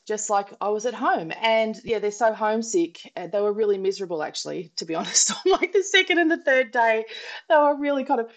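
Speaking fairly quickly in a voice on the high side, this middle-aged Australian co-host shares holiday stories on a casual chat podcast recorded roughly at a holiday abode abroad. She performs the characters' voices and laughs frequently as she animatedly spins her tales.

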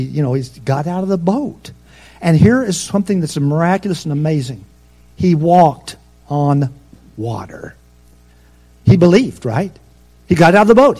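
A man preaching a sermon in a conversational, storytelling way, with asides to the congregation, rising in pitch and force to stress a point. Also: warm tone. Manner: rises in pitch and force for emphasis.

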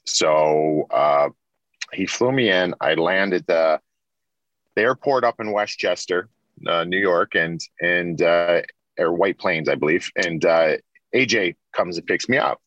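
A man's voice: sits low, takes it slowly, fairly bright tone, dry recording, dull audio. A man in his forties, a former pro hockey player, telling long rambling stories in a casual interview, full of restarts and repeats.

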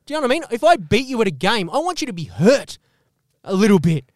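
High-voiced ranting Australian man. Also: fast, no room sound, clean studio sound. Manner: animated, swearing heavily. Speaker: podcast host. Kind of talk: profane comedic rant.

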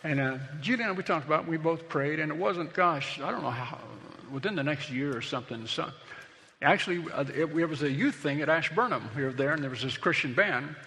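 A man's voice: on the high side, expressive, a little fast, sharp tone, long reverb tail, slight background noise. A middle-aged man, a pastor, preaching a sermon in a conversational, storytelling way that builds to emphatic points.

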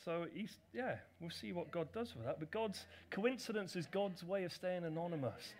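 A man's voice: sits high, animated, moderate pace. A middle-aged man, a pastor, telling a personal story in a chatty, self-deprecating sermon with asides to his congregation.

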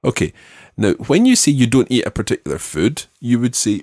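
Deep, lively-voiced male language teacher. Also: no echo, clean studio sound. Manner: patient, slow and deliberate modelling of words. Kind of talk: spoken language lesson.

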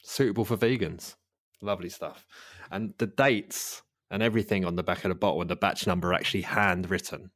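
A man's voice: low-pitched, fairly even intonation, brisk, a bit bright, no room sound, clean studio sound. A man with a London accent hosting a podcast, telling a rambling story in a laid-back, sweary way. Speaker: podcast host. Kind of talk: casual chat.

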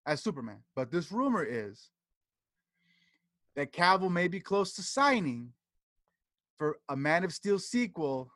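High-voiced man, dry close sound. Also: sing-song, a little slow, long pauses, a bit bright, dry recording. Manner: rambling, hesitant, fillers while reading notes. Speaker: podcast co-host. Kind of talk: casual podcast chat. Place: podcast studio in Atlanta.

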